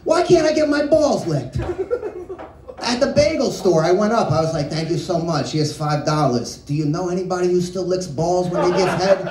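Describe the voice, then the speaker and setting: A man's voice: high-pitched, background noise. A man doing a profane, absurd stand-up set in a small bar, jumping between tangents. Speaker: stand-up comedian. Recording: echoey bar room, distant mic.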